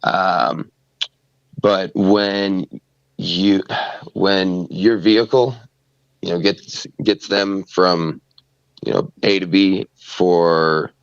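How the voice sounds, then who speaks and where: A very deep, gravelly man rambling through a story on a podcast, filling gaps with "you know" and "um". His voice is dry and close, slightly dull and lo-fi. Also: fairly even intonation, extremely slow, long pauses, dry recording. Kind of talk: casual podcast chat.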